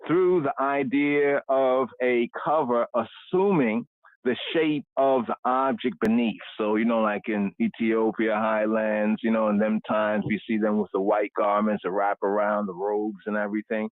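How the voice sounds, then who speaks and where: A man's voice: on the low side, steady tone, normal speed. A man leads a scripture word study and keeps checking in with "right?" after almost every phrase, repeating key words again and again. His voice comes through thin and phone-like. The sound is dry, with no room echo.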